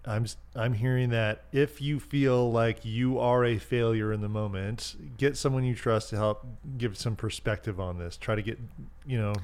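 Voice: medium pitch, steady tone, moderate pace, few pauses, darkish tone, clean tone. A host in an interview conversation who affirms and sums up what the guest says. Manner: brief affirming interjections, summarizing.

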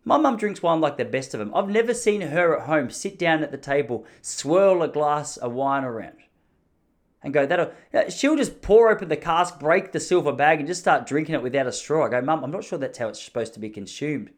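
A young Australian man, a podcast host, telling a comedic story in an animated, ranting, self-mocking way. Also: on the high side, moderate pace.

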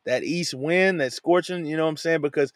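Speaking briskly in a slightly high voice, a man who lives in a van walks through a Bible passage in a loose, casual way, frequently adding "man" and "you know what I'm saying". The sound is clean studio quality, without echo.

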